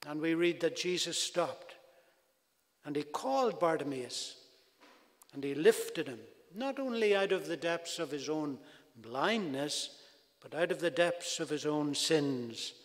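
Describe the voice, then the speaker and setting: A man delivers a sermon at an unhurried, measured pace, his voice sitting somewhat high for a man. He leans into quoted prayers with rising emphasis. The recording carries a long, echoing reverb of a large hall. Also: expressive. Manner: slow, deliberate preaching with emphatic rises on quoted cries. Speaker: preacher.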